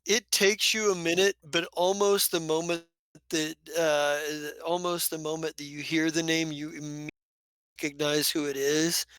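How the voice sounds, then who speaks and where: Bright-voiced man narrating a tabletop game. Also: on the high side, level tone, measured pace, clear, resonant tone, no room sound. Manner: loose, rambling descriptive narration. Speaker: game master.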